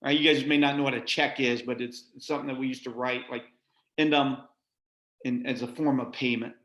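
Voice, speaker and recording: A man's voice: medium pitch, fairly even intonation, a little fast, fairly bright tone. Folksy middle-aged man, echoey room. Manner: folksy, repeats "right?" often. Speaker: sales manager trainer. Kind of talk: motivational training talk.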